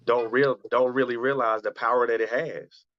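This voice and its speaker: A man's voice: medium pitch, steady tone, moderate pace, dry recording, lo-fi sound. A man hosting a radio talk show, speaking earnestly and often restarting his phrases as he reflects. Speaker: radio show host and poet. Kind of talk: conversational talk, then spoken-word poetry.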